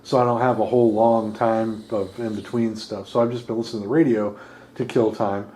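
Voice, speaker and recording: A man's voice: fairly low pitch, flat delivery, a little fast, dark tone, slight background noise. A man in his thirties co-hosting a podcast, rambling casually, swearing and laughing often. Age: 30s. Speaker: podcast co-host. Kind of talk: casual chat.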